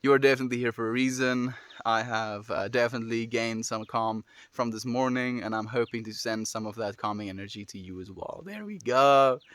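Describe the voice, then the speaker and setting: A man with a South African accent, chatting casually and gently with viewers on a livestream, often trailing off softly at the ends of phrases. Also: mid-range voice, a little fast, clear, resonant tone, no room sound. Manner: gentle, affirming, soft trailing endings.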